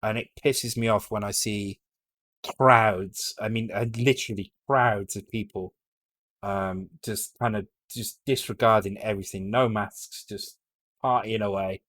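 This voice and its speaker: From home, a British streamer codes a retro game live, his voice lowish, fairly even, unhurried and a touch bright, with no echo. He thinks aloud bluntly, swears freely and keeps breaking off to restart sentences.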